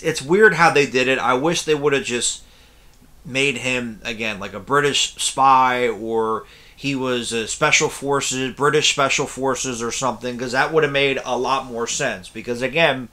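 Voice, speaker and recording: A man's voice: medium pitch, sharp tone. A man giving a casual, rambling movie review, blunt and a little tired, swearing now and then. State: yawning, tired.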